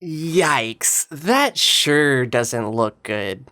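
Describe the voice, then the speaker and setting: Low voiced woman doing snarky commentary over clips, big swoopy inflection. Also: drawn-out words. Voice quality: sarcastic, taunting, lively inflection. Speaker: political commentator.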